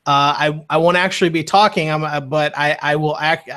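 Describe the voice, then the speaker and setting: A man's voice: a little high, fairly even intonation, normal speed, sharp tone, smooth. A man hosting an interview, enthusiastic and hyped up as he promotes an upcoming webinar. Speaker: host.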